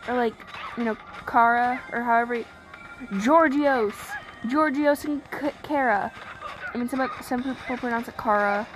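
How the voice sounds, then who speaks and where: A woman giving casual let's-play commentary, excitable and chatty, swearing and joking at the game's characters. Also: a little high, moderate pace, low-quality recording. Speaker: gaming streamer. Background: game music.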